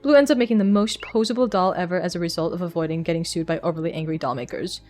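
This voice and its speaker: A young woman VTuber chatting live with her viewers, excitable, swearing and laughing often, into a desk mic at home. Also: on the low side, fast, faint music behind. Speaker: VTuber streamer. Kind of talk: casual live-stream chat. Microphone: desk microphone.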